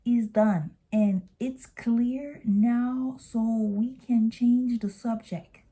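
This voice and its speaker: A woman voicing a stiff, prim acquaintance, reading out her text messages slowly and formally. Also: a little high, steady tone, mellow, husky, pitched above the performer's own voice, heavily acted. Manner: slow, formal read-out.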